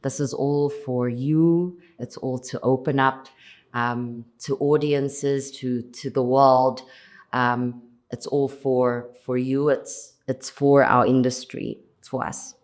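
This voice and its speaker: A South African woman speaks in a very deep register for a woman, taking her time over each phrase. She sounds earnest and reflective, stacking repeated phrases one after another as an actress being interviewed. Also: steady tone, slow pace, a little mellow. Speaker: lead actress, interview guest. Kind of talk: interview answers.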